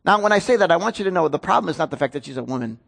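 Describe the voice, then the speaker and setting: High-voiced chatty male preacher. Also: lively intonation, rapid-fire, creaky, fairly bright tone. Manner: chatty, joking asides, acts out quotes. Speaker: pastor. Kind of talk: casual conversational sermon. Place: church before a congregation.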